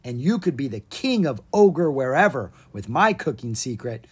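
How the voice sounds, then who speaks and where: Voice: medium pitch, sing-song, normal speed, husky. A reader voicing a bossy, bold girl dragon. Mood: scheming. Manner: confident, bossy, cheerful. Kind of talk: children's storybook reading.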